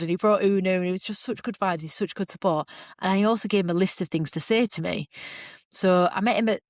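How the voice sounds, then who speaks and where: A woman from the UK, hosting a podcast, telling a long story in a chatty, animated way and acting out what people said. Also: on the low side, dry recording, studio quality. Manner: chatty, animated, acts out quoted remarks. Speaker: podcast host. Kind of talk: casual storytelling monologue.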